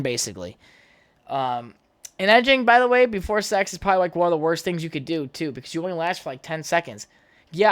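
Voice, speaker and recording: A man's voice: on the high side, fairly bright tone. Rambling, profane young man podcasting. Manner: rambling, profane, with frequent fillers and restarts. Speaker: podcast host. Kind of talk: casual solo podcast storytelling.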